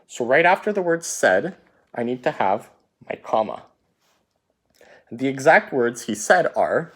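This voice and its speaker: Lively man teaching a writing lesson. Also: medium pitch, a little slow, long pauses. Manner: patient, step-by-step explaining with frequent "right?". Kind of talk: recorded writing lesson for students.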